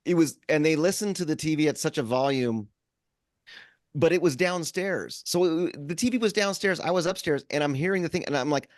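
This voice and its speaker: A man's voice: a little high, fairly quick, dry recording, studio quality. A man co-hosting a podcast, talking in a rambling casual way with lots of restarts. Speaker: podcast co-host. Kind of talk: casual chat.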